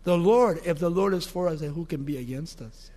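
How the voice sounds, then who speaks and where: With a high-pitched voice, a male preacher delivers a lively sermon at a fairly quick pace. He turns scripture into a vivid story and keeps questioning his listeners, shifting between excitement and gravity.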